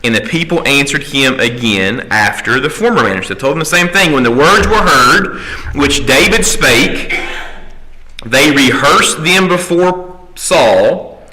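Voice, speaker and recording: A man teaching an adult Sunday school class in a church classroom. He checks in with the class by asking "right?" and slows down when he reads scripture aloud. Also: medium pitch, expressive, pushed and bright, slight background noise, rough recording. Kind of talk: conversational Bible class teaching.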